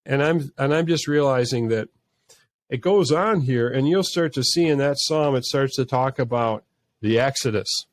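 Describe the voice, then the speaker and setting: A man's voice: medium pitch, moderate pace, no room sound. A man, a filmmaker guest on an interview podcast, telling stories earnestly with many restarts and false starts. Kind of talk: conversational storytelling.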